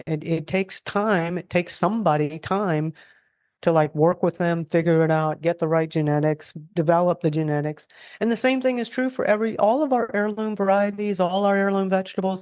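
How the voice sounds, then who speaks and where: A middle-aged woman talking casually as a guest, animated and rambling with many restarts. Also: fairly low pitch, normal speed, no room sound, studio quality. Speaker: guest expert on food self-reliance. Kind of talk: casual interview talk.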